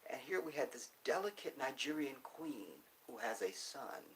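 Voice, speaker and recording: A man's voice: medium pitch, normal speed, a little hiss or hum, poor audio. Emphatic man ranting to camera. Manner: animated, emphatic, repeats points for stress. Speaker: commentator. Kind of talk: casual monologue.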